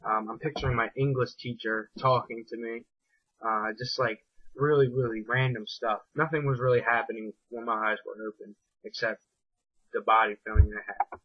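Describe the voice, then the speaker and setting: A man's voice: mid-range voice, flat delivery, moderate pace, breathy edge, dry recording. A young man casually telling a personal story in a reflective, rambling way. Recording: dull lo-fi dry recording.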